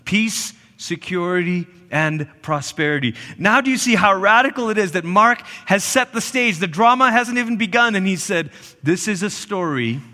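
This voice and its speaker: Man, sermon, lively storytelling, high-pitched, reverberant hall. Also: moderate pace. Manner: animated storytelling with playful asides. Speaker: pastor.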